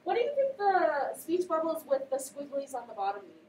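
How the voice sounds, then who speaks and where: A woman teaching a class, questioning her students in an animated way. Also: high voice, a little fast. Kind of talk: classroom read-aloud and discussion. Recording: echoey classroom, voice from a distance, faint background noise.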